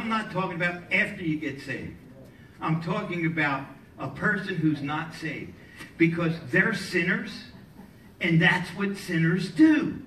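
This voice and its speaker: A male pastor preaching a sermon in a church, lively and joking with the congregation between points. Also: sits high. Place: church sanctuary. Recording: echoey hall, mic at a distance, faint ambience.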